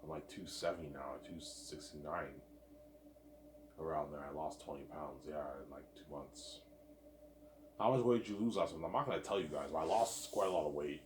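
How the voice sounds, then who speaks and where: A man's voice: extremely low pitch, normal speed, background noise. A young man rambling casually and profanely, often repeating and stumbling over his words. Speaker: vlogger. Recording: echoey room.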